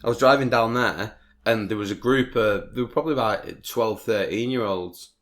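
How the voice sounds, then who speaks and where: A man's voice: fairly low pitch, moderate pace. A man, hosting a podcast, telling a long rambling story in casual chat with lots of swearing. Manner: rambling storytelling, heavy swearing, frequent laughs. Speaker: podcast host.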